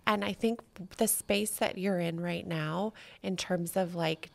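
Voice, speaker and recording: A woman hosting a podcast in person, chatting casually with her guest, laughing often and answering in quick encouraging bursts, on a studio podcast microphone. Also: on the low side, steady tone, gravelly. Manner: bubbly, laughs often, warm encouraging replies. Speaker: podcast host. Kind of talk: casual interview chat. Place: in person, same room as guest.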